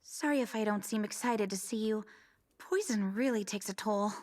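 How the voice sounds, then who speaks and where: An actress playing a young female adventurer friend, tired from poison and speaking softly and pleadingly. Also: mid-range voice, moderate pace, natural voice. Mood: tender. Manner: soft, pleading, often near a whisper.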